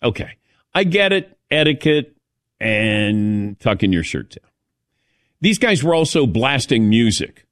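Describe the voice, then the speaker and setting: A middle-aged man hosting a radio talk show, telling an animated story and calling on his cohosts. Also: medium pitch, measured pace, no room sound, clean studio sound. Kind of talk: casual studio chat.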